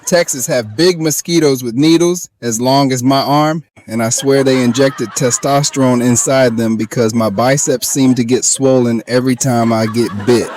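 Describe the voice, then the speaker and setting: A man's voice: mid-range voice, moderate pace, few pauses, darkish tone. A young man doing a stand-up comedy monologue in folksy cowboy talk, often laughing through his punchlines. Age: young adult. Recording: noisy background.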